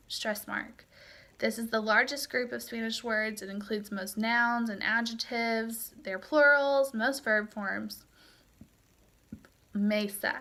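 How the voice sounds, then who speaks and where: A woman's voice: medium pitch, sharp tone. A young woman teaching a recorded language lesson, explaining steadily with frequent ums. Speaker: Spanish teacher. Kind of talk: recorded lecture walkthrough.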